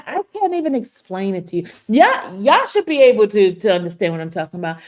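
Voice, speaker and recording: A woman's voice: fairly high pitch, a little mellow. A woman hosting a live stream, chatting casually and reading viewer comments, emotional and laughing through tears. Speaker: YouTube host.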